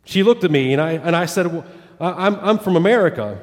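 A man's voice: on the high side, expressive, a little fast, in a large hall. A pastor telling a story in a sermon, voicing quoted dialogue as he goes. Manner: retells a story with quoted dialogue, rising and falling with it.

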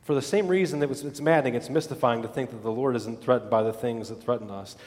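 A man preaching a sermon as pastor, dramatic, dropping to hushed low lines and then rising to loud exclamations. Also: quick pace, long reverb tail.

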